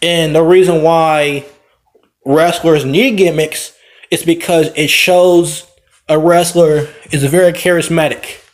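A man's voice: on the high side, steady tone, takes it slowly. A man, a wrestler, giving a casual, rambling opinion vlog while playing a game, often backtracking and correcting himself. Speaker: wrestler and vlogger.

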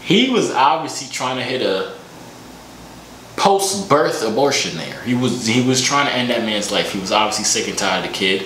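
A young man hosts comedic reaction commentary, joking wryly as he eats. His voice sits on the low side, animated at a moderate pace, in a roomy space with echo and faint noise.

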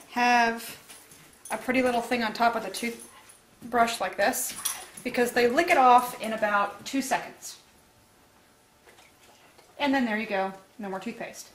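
A woman pet trainer giving a casual demonstration, explaining steps and softly cooing praise at a dog. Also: on the high side. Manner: coos praise at the dog in a soft voice. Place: indoor room with a dog. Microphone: camera mic from a distance. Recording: echoey room, far from camera mic, faint hiss.

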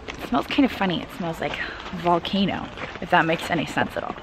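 A woman vlogging outdoors while hiking up a volcano, excitable and quick to laugh, at times out of breath, speaking into a handheld camera mic. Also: fairly low pitch, noisy background. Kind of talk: outdoor adventure vlog.

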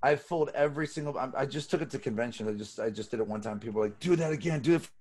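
A man lecturing on magic over a video call, telling stories in a casual, animated way and swearing freely. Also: medium pitch, rapid-fire.

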